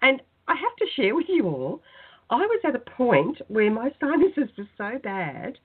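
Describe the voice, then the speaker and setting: A woman guest in a spiritual radio interview, telling her personal story in an earnest, soft-spoken way. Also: mid-range voice, breathy edge. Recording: tinny phone-line sound.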